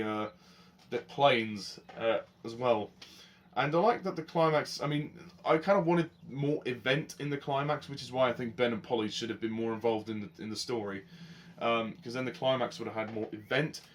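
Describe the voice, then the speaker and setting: A man's voice: mid-range voice, moderate pace, slight background noise. Passionate, rambling man reviewing a show. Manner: passionate and rambling, swings from heated to soft. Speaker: TV series reviewer. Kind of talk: casual spoken review.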